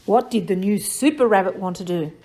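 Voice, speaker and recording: A woman's voice: medium pitch, brisk, mellow. A woman reviewing a story with young children, asking questions and encouraging their answers. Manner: encouraging, sing-song tag questions. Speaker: children's teacher.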